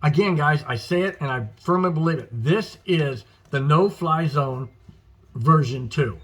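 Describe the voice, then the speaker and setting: A man hosts a casual sports news show, reading items aloud in a fairly high, fairly bright voice. He's chatty, reacting with frequent exclamations like "wow" and often repeating words.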